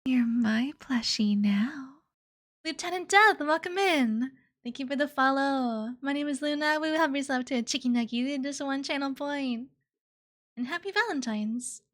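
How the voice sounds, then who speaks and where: A woman's voice: sits high, normal speed, a bit bright. A young woman streaming live, chatting casually and playfully with her chat, giggling and slipping into cutesy baby talk. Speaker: VTuber streamer.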